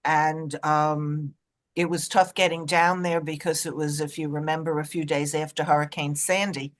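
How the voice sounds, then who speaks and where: New York woman panelist, lower voice, expressive storyteller. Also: normal speed. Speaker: panelist, volunteer canvasser. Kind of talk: storytelling anecdote.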